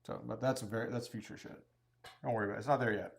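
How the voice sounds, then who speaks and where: A man's voice: mid-range voice, fairly even intonation, racing, gravelly. A man co-hosting a casual livestream, cursing freely and ranting with comic exaggeration. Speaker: livestream co-host.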